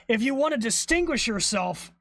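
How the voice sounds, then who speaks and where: A streamer in casual chat who coughs and clears their throat often, loses their train of thought, restarts sentences and swears. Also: mid-range voice, expressive, normal speed, a bit bright. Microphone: streaming setup, private call.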